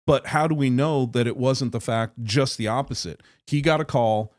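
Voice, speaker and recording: A man hosting a live sports talk show, explaining in a measured way. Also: medium pitch, dry recording, clean studio sound. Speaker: host.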